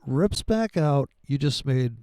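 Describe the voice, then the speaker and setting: A man's voice: medium pitch, expressive, slow, mellow, dry recording. A man giving casual trading commentary over his charts, rambling and profane, with sarcastic asides. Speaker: forex trading educator.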